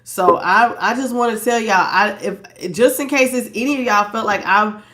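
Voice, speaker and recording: This tarot livestream host is an adult woman past her young years whose fairly high, somewhat bright voice moves at normal speed. She chats casually and playfully, laughing often, naming viewers and calling them "baby" and "child."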